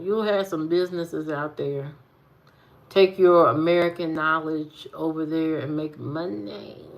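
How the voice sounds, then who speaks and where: A woman's voice: low-pitched, muffled recording. A woman vlogger in casual chat with her viewers, teasing them and repeating phrases for emphasis.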